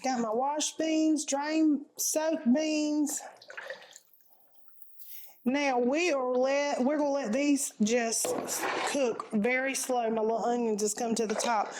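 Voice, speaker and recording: A woman's voice: sits high, fairly even intonation, slow pace, a little mellow, slight background noise, rough recording. A woman, casually talking viewers through a home cooking recipe in a folksy, chatty way from her kitchen.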